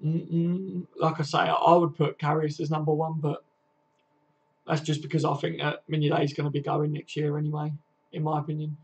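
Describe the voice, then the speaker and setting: A man's voice: a little high, completely flat delivery, fairly quick, creaky, lo-fi sound. A man hosting a casual football fan live stream, reading viewer comments and chatting in a slangy, friendly way, calling everyone mate and lads. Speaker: football fan channel host.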